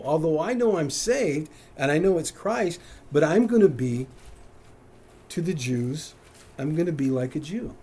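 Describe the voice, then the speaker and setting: Animated preacher man with a husky voice. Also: on the high side. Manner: animated, chuckling, asks the room questions. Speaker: pastor. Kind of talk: sermon.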